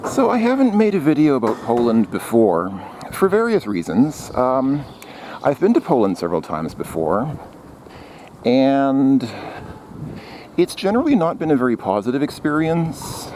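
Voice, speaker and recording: A man's voice: medium pitch, very animated, moderate pace, background noise. A man walking through a city as a travel vlogger, talking casually and rambling, with many fillers and restarts. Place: outdoors on city streets.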